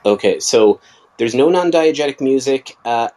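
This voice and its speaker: A man of middle pitch talks in a casual podcast chat, earnest and long-winded as he explains, dotting his sentences with filler sounds. His tone is ordinary and conversational, with nothing pushed or performed. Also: lively intonation, moderate pace, darkish tone, rough recording. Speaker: podcast co-host recommending films.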